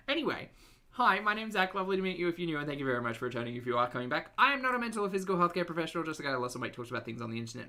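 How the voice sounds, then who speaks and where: An Australian man hosting a casual reaction livestream, talking loudly and chattily. He has a bright, forward tone, and his pitch swings widely as he jokes at his own expense. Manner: chatty, loud and self-mocking.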